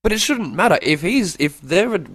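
A man's voice: high voice, sing-song, moderate pace, fairly bright tone, husky, no room sound. Blunt, profane male host, dry sound. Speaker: podcast host. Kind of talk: casual chat.

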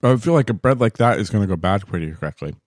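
A man's voice: on the low side, lively intonation, quick pace, no echo. A man co-hosting a podcast in a studio, chatting casually with upbeat reactions. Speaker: podcast co-host. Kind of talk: casual chat.

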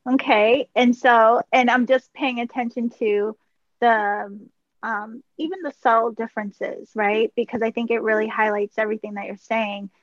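A woman's voice: on the high side, fairly even intonation, moderate pace, no echo. A woman hosting a podcast interview, encouraging her guest and reflecting back on what she hears. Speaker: podcast host. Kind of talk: interview conversation. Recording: slightly muffled dry audio.

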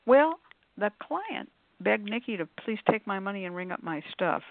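Animated woman storyteller, gravelly and phone-thin, acts out quotes. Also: mid-range voice, normal speed, no echo. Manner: animated, acts out quotes, talks with many fillers. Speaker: shop worker on a call-in show panel. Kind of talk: casual storytelling. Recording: tinny phone-like line.

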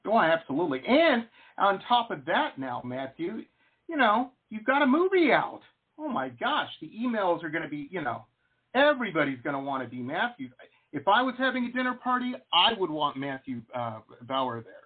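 Excitable husky-voiced host, tinny line. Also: male voice, high voice, normal speed. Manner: enthusiastic, laughs often. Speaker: talk show host. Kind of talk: casual interview chat.

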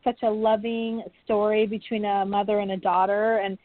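A woman's voice: mid-range voice, level tone, moderate pace, dry recording. A woman guest speaking candidly about her book, open and earnest. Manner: earnest, open, warm-hearted storytelling. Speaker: podcast guest, author. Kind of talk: candid interview talk. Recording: dry tinny phone line.

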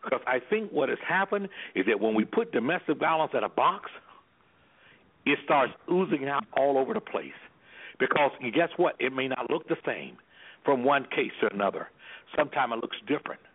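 A man's voice: mid-range voice, slightly rough. A man, an anger management specialist, speaking with preacherly emphasis as a guest on a call-in radio show over the phone. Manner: preacherly, emphatic, acts out quoted voices. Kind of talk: impassioned call-in radio talk. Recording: phone-line audio.

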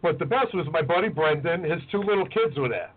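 Male chef co-host, lively anecdote-teller, high voice, lo-fi phone sound. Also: fairly quick, slightly rough. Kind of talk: casual chat.

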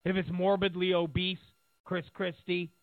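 A man delivering an animated, sarcastic political monologue as a commentator. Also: sits high, normal speed, no room sound, phone-quality sound.

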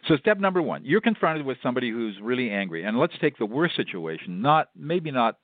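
Heard through a tinny phone line with no room sound, an older mediator and law professor guests on a radio interview. His medium-pitched voice has a sing-song quality as he explains step by step in a measured, instructive way, often repeating points.

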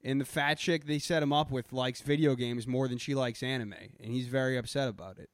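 A man's voice: mid-range voice, fairly even intonation, brisk, no room sound, studio quality. A young man co-hosting a podcast, chatting crudely and jokingly and saying "dude" a lot. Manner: profane, joking, says "dude" often. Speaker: podcast co-host. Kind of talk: crude casual chat.

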